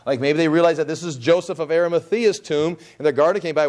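A man's voice: fairly high pitch, fast talker, few pauses, darkish tone. A man teaching a Bible passage in a conversational way. He retells the story in his own words with restarts and briefly acts out what the people said.

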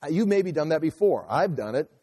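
A man's voice: fairly high pitch, animated, moderate pace, mellow. A man giving a conversational verse-by-verse Bible teaching, explaining as he goes and acting out quotes. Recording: long hall reverb.

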